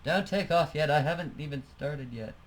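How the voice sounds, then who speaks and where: A man's voice: on the high side, normal speed, rough recording. A man giving casual, self-mocking commentary while playing a flight game, laughing often. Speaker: let's play gamer.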